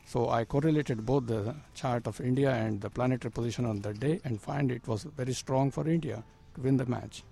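An astrologer in his fifties answers interview questions earnestly, using plain phrasing with frequent pauses and fillers. His mid-range voice is warm and slightly rough, with vocal fry.

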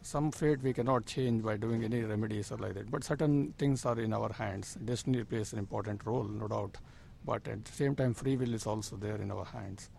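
Indian-accented male astrologer guest, low gravelly voice, earnest and agreeable. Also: brisk, hardly any pauses, a little mellow, slight background noise. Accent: Indian English. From South India. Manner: short affirmations, earnest and agreeable. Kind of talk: interview answers. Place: conference.

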